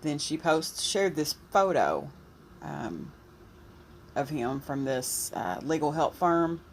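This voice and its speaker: A woman YouTube commentator reading posts and a news item aloud, with soft asides in between. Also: deep voice, big pitch swings, slow pace, slight background noise.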